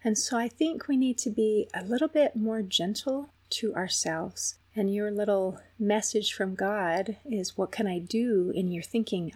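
A woman hosting an interview, gentle and reassuring as she reflects back on a guest's story. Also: mid-range voice, a little slow, few pauses, slightly rough. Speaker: podcast host. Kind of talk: supportive conversational interviewing.

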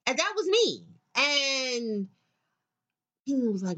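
A middle-aged woman hosting a show, delivering a blunt, profane, animated rant in casual monologue. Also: high voice, normal speed. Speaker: podcast host.

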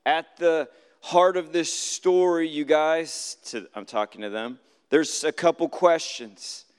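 A man's voice: on the high side, takes it slowly, clear, resonant tone. A man giving a conversational Shabbat sermon, telling stories from his week, acting out what people said and putting questions to the congregation. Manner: storytelling, acts out quoted voices, asks the audience questions. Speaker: preacher giving a Shabbat teaching. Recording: live hall recording with long reverb.

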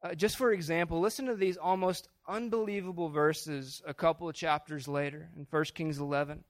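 A man preaching with a high, ringing voice, earnest and swelling in volume to drive home key lines. He is recorded close and dry, with no room around him. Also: fairly even intonation, brisk, hardly any pauses, dry recording. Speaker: pastor. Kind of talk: sermon.

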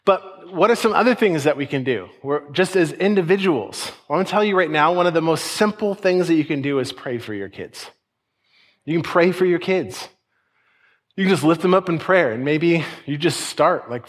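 Casting: man, forties, relaxed pastor, slightly high voice, chatty sermon delivery. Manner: conversational, folksy, with asides and quoted voices.

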